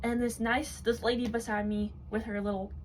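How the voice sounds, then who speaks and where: A woman's voice: on the high side, level tone, normal speed, slight background noise. Lady doing a snarky commentary rant, mocking and fed up. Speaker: commentary video host. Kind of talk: sarcastic commentary.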